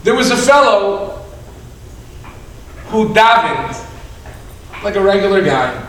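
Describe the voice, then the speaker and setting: A man rabbi telling a story in a sermon, acting out the characters and moving from shouts to hushed tones. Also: sits high, big pitch swings, takes it slowly, slight background noise. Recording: echoey hall, from a distance.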